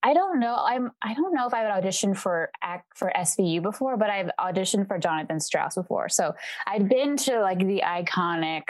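A woman's voice: medium pitch, lively intonation, a little fast, no echo. A young woman guesting on a podcast, chatting casually about acting, with lots of "like" and "you know" and frequent laughs. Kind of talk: casual interview chat.

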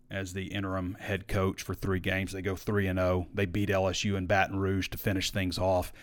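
This man's voice sits low, with vocal fry. He hosts a live sports talk show, chatting casually with strong opinions, reading viewer comments, arguing with them, and leaning on frequent fillers.

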